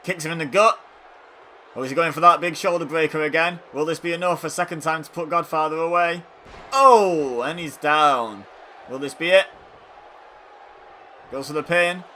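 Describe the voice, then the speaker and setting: A gaming YouTuber casually commentates a wrestling video game, chatty and rambling with fillers and jokes at his own expense. His voice is a little high and bright with a forceful tone, and there's a slight hiss or hum.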